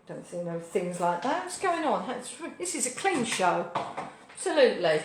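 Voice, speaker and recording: Cheery British woman cooking in an echoey kitchen, natter over clattering dishes, mid-pitched and warm-hearted, chatty. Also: sing-song, unhurried, pauses often, noisy background. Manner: cheerful, rambling, cheeky asides, bursts of loud whoops. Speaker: cooking show host. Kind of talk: chatty live cooking stream. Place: home kitchen.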